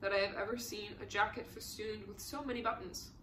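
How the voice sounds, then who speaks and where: A woman's voice: medium pitch, fairly even intonation, a little fast, reverberant, background noise, lightly acted. A woman voicing a cold, probing male prosecutor who questions in a clipped manner. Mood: stern. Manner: clipped, interrogating.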